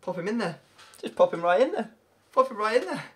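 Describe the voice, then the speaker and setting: A young man, giving excitable pack-opening commentary on a video game, breaking into loud shouts and laughter. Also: sits high, fairly quick. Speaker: gaming video creator.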